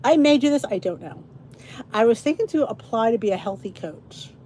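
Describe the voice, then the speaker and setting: A woman's voice: fairly high pitch, animated, brisk, warm tone, a little hiss or hum. Chatty, tired middle-aged woman livestreaming. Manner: chatty, rambling, tired-sounding. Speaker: livestream host. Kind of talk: casual chat to a live audience.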